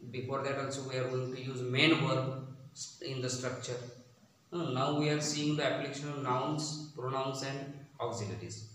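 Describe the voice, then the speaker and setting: A man teaching grammar, explaining slowly and repeating example phrases. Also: medium pitch, fairly even intonation, fairly bright tone, slight background noise. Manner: slow, repetitive explaining with drawn-out words. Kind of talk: classroom-style grammar lesson. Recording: very echoey room, distant mic.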